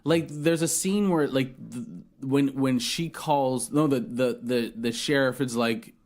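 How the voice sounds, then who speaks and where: A man's voice: medium pitch, a little slow, a little mellow. A man hosting a podcast, reviewing a film in casual chat, rambling and swearing with many restarts. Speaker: podcast host.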